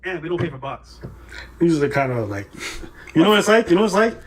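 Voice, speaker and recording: A man's voice: fairly high pitch, fast. A man co-hosting a reaction show, mocking and swearing as he gives heated commentary. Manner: animated, mocking, profane, laughs at his targets.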